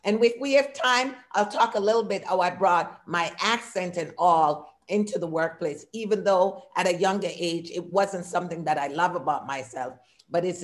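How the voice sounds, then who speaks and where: A woman in her sixties with an accent, talking through a workshop presentation on a video call in short, listed phrases. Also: on the low side. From immigrant. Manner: warm, talkative, speaks in short lists; audible non-native English accent. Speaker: diversity consultant and workshop speaker.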